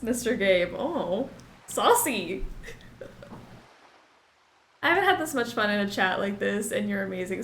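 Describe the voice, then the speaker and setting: A woman's voice: medium pitch, lively intonation, slow, long pauses, a bit bright, reverberant, slight background noise. A woman streamer chatting with her live chat while playing a game, bubbly, giggly and emotional.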